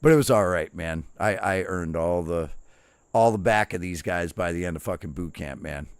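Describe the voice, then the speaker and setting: A man's voice: deep voice, normal speed, clear, resonant tone, no echo. A man streaming and telling profane, rambling stories in a casual chat. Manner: profane, storytelling, barks quoted drill shouts.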